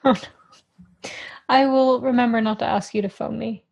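A young woman in her twenties, co-hosting a podcast in relaxed, casual talk and laughing easily. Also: fairly high pitch, unhurried, vocal fry, dull audio. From Ireland. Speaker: podcast co-host. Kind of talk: casual chat.

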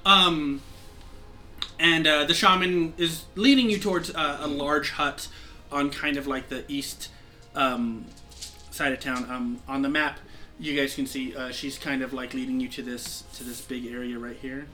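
A man's voice: mid-range voice, steady tone, unhurried, pushed and bright, faint music behind. A man with a sore throat narrating a tabletop game as game master, rambling with many fillers and restarts.

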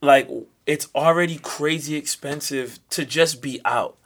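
Relaxed, reflective young man. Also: fairly high pitch, measured pace. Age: 20s. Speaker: podcast co-host. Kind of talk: casual podcast chat.

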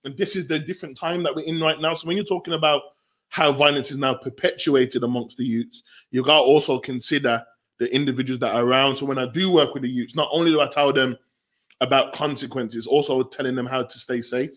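A man, speaking as a researcher guest in an animated conversation, full of slang and acting out the voices of people he quotes. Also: mid-range voice, a little fast. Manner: slangy, acts out quoted voices, bursts into laughter. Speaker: youth violence researcher and guest.

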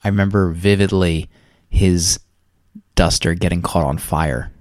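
A man's voice: low-pitched, steady tone, measured pace, darkish tone, no echo, clean studio sound. A young man co-hosting a casual movie podcast, talking in a laid-back, rambling way and chuckling often. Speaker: podcast co-host. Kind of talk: casual movie review chat.

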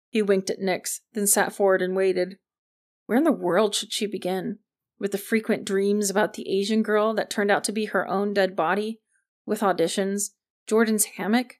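A woman narrating an audiobook chapter in an even storytelling manner. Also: mid-range voice, normal speed.

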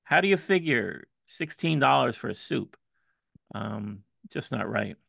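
A man's voice: medium pitch, animated, a little slow, gravelly, fairly bright tone, dry recording, studio quality. A man co-hosting a podcast in casual chat, talking hesitantly with frequent stammers. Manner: hesitant, stammering, laughs often. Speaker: podcast co-host. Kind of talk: casual food-review chat.

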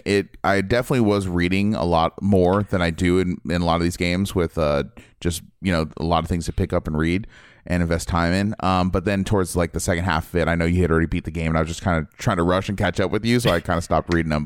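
A man with a low, smooth, resonant voice chats casually about a video game. He is laid-back and laughs easily. The sound is dry and close. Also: steady tone, fast, dry recording. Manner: laid-back, laughs often, acts out silly voices in quotes. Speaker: podcast co-host.

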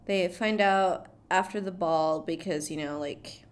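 A woman's voice: fairly low pitch, unhurried. A young woman retelling a film plot in casual chat. She talks with a lot of profanity, laughs often, and fills her speech with "like" and "blah, blah.".

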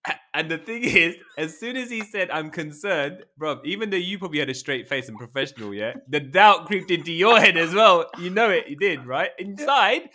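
Bright-voiced joking man. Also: on the high side, expressive, normal speed. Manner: joking, playful, mimics voices. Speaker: podcast co-host. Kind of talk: casual chat.

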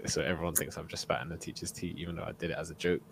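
Low-voiced young man telling a story. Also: racing, gravelly, heavy background noise. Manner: animated storyteller, acts out quotes, laughs often. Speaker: podcast co-host. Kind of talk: casual storytelling chat.

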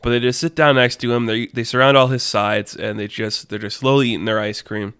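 A man's voice: mid-range voice, fairly even intonation, a little fast, a bit bright, smooth, dry recording, studio quality. A man telling an improvised story in a rambling, filler-heavy way, laughing at his own jokes.

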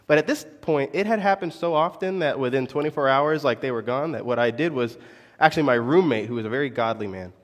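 A young adult man and pastor telling a personal story in a sermon, animated, confessional and poking fun at himself. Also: mid-range voice, quick pace. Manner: animated, confessional, self-mocking. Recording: long echo of a large hall.

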